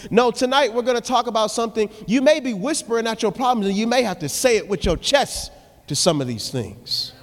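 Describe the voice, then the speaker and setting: A man's voice: sits high, animated, a little fast. A young adult man preaching a live sermon in a large church hall, reading scripture and praying in a rhythmic cadence that swells into emphatic hollering. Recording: long reverb of a church hall with music behind.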